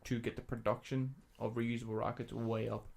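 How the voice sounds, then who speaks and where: Gravelly young male podcast co-host. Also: mid-range voice, level tone, brisk, a little mellow, slight background noise. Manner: chatty, laughs often, swears. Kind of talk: casual podcast chat.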